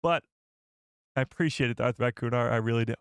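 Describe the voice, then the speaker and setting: A man hosting a casual live stream, excitable and rambling as he reads the chat. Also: mid-range voice, fairly quick, clear, resonant tone, no room sound, studio quality.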